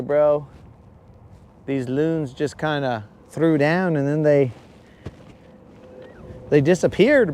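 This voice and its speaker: A man's voice: a little high, a little mellow, a little hiss or hum. A man hosting a live fishing stream from a boat on a lake. He talks in a casual, joking way and keeps calling his viewers bros. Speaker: fishing livestream host.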